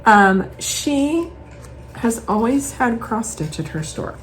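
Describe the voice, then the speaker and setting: A woman chatting casually at home as host, showing off her purchases in a rambling, animated way. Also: on the high side, takes it slowly, low-quality recording.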